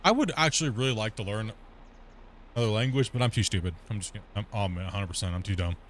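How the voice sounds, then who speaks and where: A man's voice: lowish voice, fast, fairly bright tone, a little hiss or hum. A young man chatting casually while gaming, rambling with lots of fillers and self-deprecating asides. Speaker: gaming channel host.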